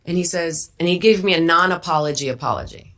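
A woman's voice: lowish voice, fast talker, fairly bright tone. A woman telling a behind-the-scenes story in casual chat, quoting others as she goes. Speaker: guest actress telling a set story. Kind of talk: casual anecdote.

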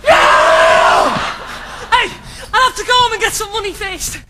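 A man's voice: very high-pitched, wildly swooping pitch, a little slow, a loud crowd, heavy background noise, full character voice. An actor playing a cheeky, self-mocking working-class teenage boy in a stage musical, singing and talking wistfully. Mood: awkward. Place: theatre stage. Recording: roomy live theatre recording with loud music.

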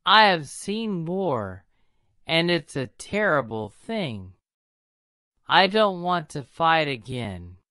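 A woman reading the lines of a sad, gentle king who is giving up his throne, in a slow, soft and sorrowful manner. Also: sits low, big pitch swings, no echo, clean studio sound, exaggerated voice.

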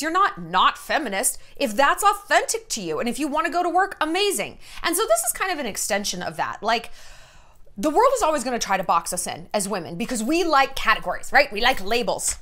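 Woman, vlog host, fake Texas drawl, sassy and blunt, higher voice that swoops up and down a lot. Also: sharp tone. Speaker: vlogger host. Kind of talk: casual to-camera commentary. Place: home.

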